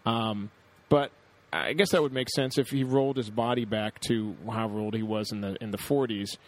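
A man co-hosting a casual podcast chat, reasoning aloud in a measured way and letting his sentences trail off. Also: lowish voice, steady tone.

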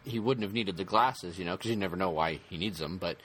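A man co-hosting a casual podcast chat, talking in halting bursts with many restarts and fillers. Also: deep voice, fairly bright tone, husky.

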